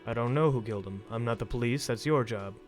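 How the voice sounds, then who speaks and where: A man's voice: mid-range voice, fast talker, soft background music, pitched below the performer's own voice, natural voice. A man voicing a grumpy, sarcastic male cafeteria manager in a video game who demands money he is owed. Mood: irritated. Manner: sarcastic, exasperated.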